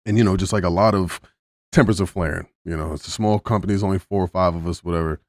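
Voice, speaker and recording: A man's voice: deep voice, steady tone, fast, no echo, studio quality. A young man co-hosting a podcast in casual chat, laid-back and slangy, backing up his friend. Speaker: podcast co-host.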